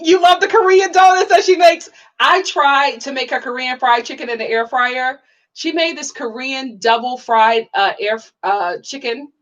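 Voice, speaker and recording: Bubbly young woman chatting on a livestream. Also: dull audio. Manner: chatty, bubbly, many "like" fillers, jumps to high excited exclamations. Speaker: YouTube reality-TV reviewer reading live chat. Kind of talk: casual livestream chat.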